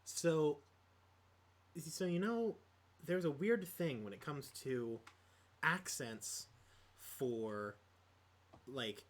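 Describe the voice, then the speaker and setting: A man's voice: on the high side, very slow, long pauses. A man co-hosting a podcast in casual chat, rambling with lots of fillers and laughs. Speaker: podcast co-host.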